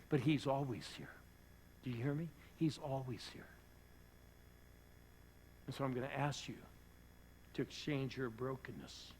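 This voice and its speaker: Gravelly guy preaching in church, earnest, gets real soft sometimes, faint hiss behind. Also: medium pitch, poor audio. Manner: earnest, drops to soft hushed tones for emotional moments. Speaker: pastor. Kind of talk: sermon storytelling.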